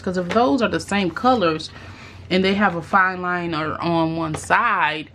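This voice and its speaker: A woman chatting casually about art supplies on her craft vlog, thinking aloud with pauses and restarts. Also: lowish voice, a bit bright, slight background noise. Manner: musing aloud, with fillers and restarts. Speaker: craft vlogger. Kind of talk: casual unboxing chat.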